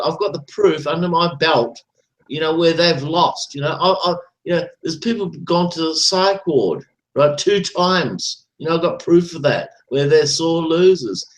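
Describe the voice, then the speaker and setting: Hosting a live chat stream, this man rambles through a profane, repetitive rant at a moderate pace. His voice is fairly high and expressive, and the recording carries a roomy echo.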